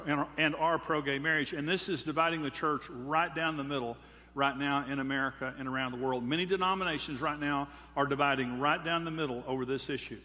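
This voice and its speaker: A man's voice: fairly high pitch, pushed and bright. An older man, preaching a sermon as a pastor, emphatic and preacherly, pressing his points with rhetorical questions. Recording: long reverb of a large hall.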